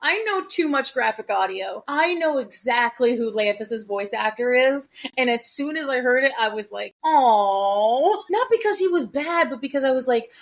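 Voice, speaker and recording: Animated woman chatting about a book. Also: high-pitched, normal speed, few pauses. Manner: animated, swearing, quoting characters with laughs. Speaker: podcast co-host. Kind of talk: casual book chat.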